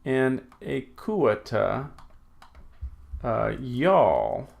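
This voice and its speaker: A Greek teacher works through exercises in a recorded lesson, his mid-range voice sing-song, very slow and marked by vocal fry. He thinks aloud as he types, correcting himself and using lots of fillers.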